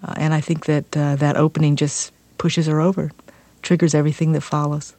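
A woman's voice: low-pitched, flat delivery, warm tone, no echo. Woman from South Carolina, dry studio read. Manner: deliberate reading with slowing emphasis, brisker and laughing in conversation. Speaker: author and guest. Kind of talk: reading her own novel aloud, then interview answers. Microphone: studio microphone.

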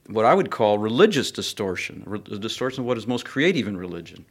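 A man speaking as a guest on a radio show, thoughtful and measured as he reflects. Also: lowish voice, very animated, breathy edge. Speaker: guest commentator.

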